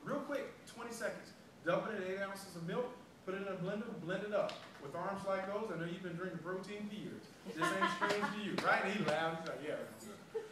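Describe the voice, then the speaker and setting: Sales trainer, man, high voice, lively storyteller, recorded at a distance in a very echoey room. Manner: animated storytelling, acting out dialogue. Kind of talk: motivational sales training talk. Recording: echoey room, far from mic, background noise.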